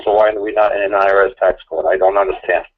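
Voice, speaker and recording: A man's voice: deep voice, steady tone. A man ranting and arguing in a repetitive, mocking way as a guest on a call-in talk show. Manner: rapid, repetitive, mocking, argumentative. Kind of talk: impassioned ranting chat. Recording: tinny phone line.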